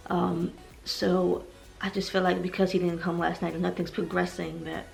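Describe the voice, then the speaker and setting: Woman, young adult, heavily pregnant, emotional, rambling vlog, gravelly fry, faint background music. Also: lowish voice, level tone, moderate pace. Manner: emotional, rambling, tearful at times. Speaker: vlogger. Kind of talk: personal vlog confession.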